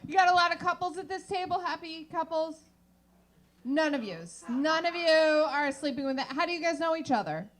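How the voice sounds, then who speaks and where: A woman's voice: high-pitched, moderate pace. A woman doing brash, crude stand-up in a bar, teasing the audience. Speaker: stand-up comedian. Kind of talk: stand-up comedy. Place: bar comedy stage.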